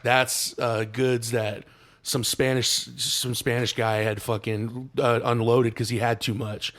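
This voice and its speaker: A man of middle pitch rambles through a movie plot for his co-hosts. He talks in slang and swears freely. He stumbles and restarts as he goes. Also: level tone, slow, fairly bright tone. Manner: loose, profane storytelling with slang and restarts. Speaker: podcast co-host. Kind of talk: casual chat, retelling a movie plot.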